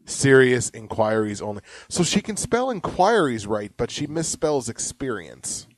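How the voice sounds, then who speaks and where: A young man co-hosting a comedy podcast, joking around and reading ads aloud with mock yelling. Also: medium pitch, very animated, unhurried, dry recording. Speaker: podcast co-host. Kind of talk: casual comedic chat.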